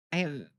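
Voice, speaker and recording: A woman's voice: a bit bright, no echo. Brief: frank woman in her thirties, casual stream talk, swears freely, dry close sound. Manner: candid, profane, laughing often. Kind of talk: casual livestream monologue.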